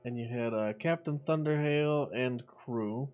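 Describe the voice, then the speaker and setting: A man's voice: medium pitch, unhurried, phone-quality sound, faint music behind. A man working as dungeon master, explaining rules and narrating the scene. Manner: explains rules and narrates the scene, gets the others back on track. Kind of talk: running a tabletop game.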